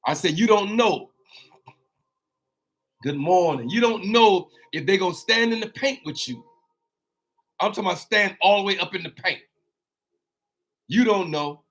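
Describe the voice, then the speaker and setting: Brief: male motivational host, high voice, preachy, repeats himself, call-and-response asides. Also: expressive, a bit bright. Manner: drawn-out exclamations.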